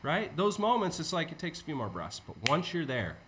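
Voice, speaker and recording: A man as a podcast guest, an entrepreneur teaching in a casual, animated way with frequent swearing. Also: on the high side, a little fast, noisy background. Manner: animated, profane, acts out inner voices. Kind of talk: conversational teaching.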